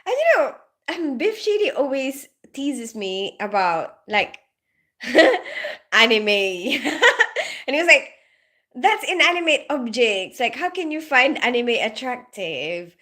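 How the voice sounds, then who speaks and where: A woman chats casually on a livestream, giggling as she greets viewers by name. Her voice sits a little high, with a bright, crisp edge. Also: very animated, slow pace. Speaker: nurse livestreamer.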